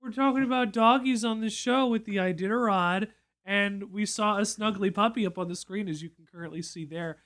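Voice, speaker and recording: A man's voice: high voice, a little fast. A man streaming live, chatting casually as he reacts to a video and breaks off to coo at his dog. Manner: excitable, gushing baby-talk to his dog.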